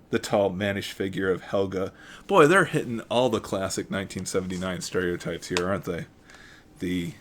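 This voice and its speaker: Low-voiced man reading a novel aloud. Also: moderate pace. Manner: steady reading with occasional stumbles and self-corrections. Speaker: audiobook reader.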